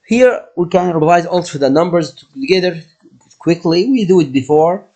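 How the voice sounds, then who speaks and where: Man, first language Arabic, French teacher, slow repetition, somewhat high voice. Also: expressive, dark tone. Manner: explains in English, repeats French words slowly. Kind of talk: slow classroom language lesson.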